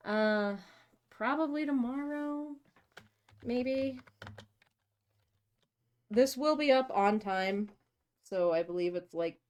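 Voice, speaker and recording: A woman's voice: mid-range voice, darkish tone. A woman host reading a novel aloud, breaking in with sarcastic, profane asides.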